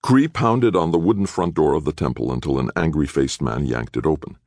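A man reading a thriller aloud as an audiobook narrator, measured and even. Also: extremely low pitch, no echo, clean studio sound. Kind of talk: scripted narration.

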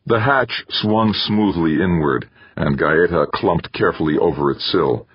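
A man narrating a novel as an audiobook in a measured, steady reading style. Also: low-pitched, husky, no echo. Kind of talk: scripted narration. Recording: dry, slightly dull audio.

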